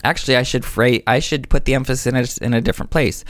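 A man's voice: mid-range voice, fairly even intonation, fast talker, few pauses, a bit bright, dry recording. Earnest man, dry close sound. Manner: enthusiastic, explanatory, self-correcting. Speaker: religious discussion speaker. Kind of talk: earnest religious discussion.

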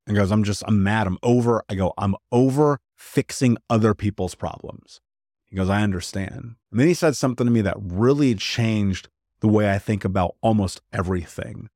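A man's voice: lowish voice, brisk, darkish tone, no room sound, clean studio sound. A man who is a podcast guest, telling personal stories in a frank, casual way, often saying "like" and repeating words for emphasis. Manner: frank, conversational, peppered with "like"; emphatic repetition. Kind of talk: candid personal storytelling interview.

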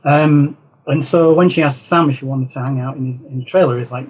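This guest, a film concept designer from Yorkshire with a Northern English accent, tells rambling stories in a casual interview. His medium-pitched voice runs a little fast, darkish with a breathy edge, and the recording is rough.

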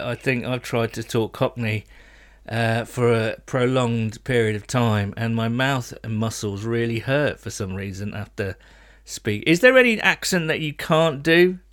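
A man hosts a podcast in a relaxed, chatty way. He talks at an easy pace and leans on fillers while he gathers his thoughts. His voice sits in a middle range. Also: medium pitch, measured pace. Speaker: podcast host. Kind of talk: casual podcast chat.

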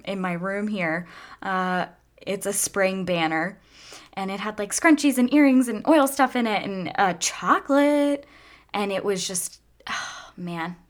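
A woman telling a heartfelt personal story in a lively way, sometimes dropping to a soft whisper when she gets emotional. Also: on the low side. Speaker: speaker sharing a faith testimony.

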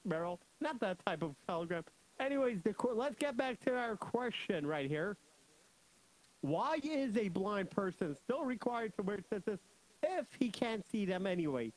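A young man hosting a children's radio show, joking, laughing often and telling stories in an animated way. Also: sits high, normal speed, poor audio. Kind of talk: playful storytelling for kids.

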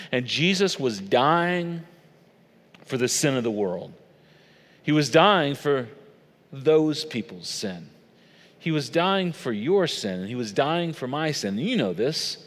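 A male pastor preaching a sermon, with dramatic, emotional delivery that swings in pitch and volume. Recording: long reverb of a large hall.

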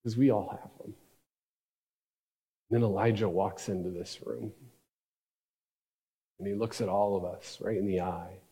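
A man's voice: on the low side, steady tone, unhurried, pauses often, breathy edge. Man preaching in a reverberant hall. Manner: storytelling, dramatic shifts between loud and hushed. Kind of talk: sermon.

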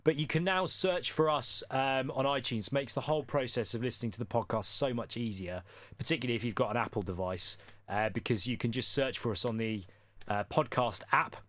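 A man's voice: medium pitch, a little fast, a bit bright, no echo. A man from the UK co-hosting a casual podcast, rambling with lots of fillers. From United Kingdom. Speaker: podcast co-host.

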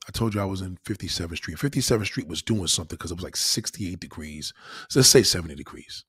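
A man's voice: sits low, very animated, fast talker, breathy edge, no room sound, studio quality. A young man hosting a livestream, ranting bluntly and profanely in casual talk, often restarting his sentences. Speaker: livestream host.

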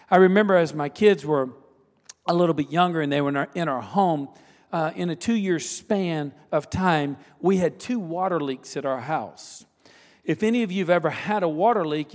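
A man's voice: a little high, a little mellow. A man preaching a sermon as a pastor, telling a personal story in a conversational way with asides and repeated phrases. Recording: long reverb of a large hall.

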